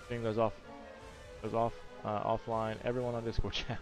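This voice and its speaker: A man streaming a video game, chatting casually with his viewers, joking crudely and now and then bursting into loud hyped shouts. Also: fairly low pitch, flat delivery, moderate pace, faint music behind. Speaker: gaming streamer.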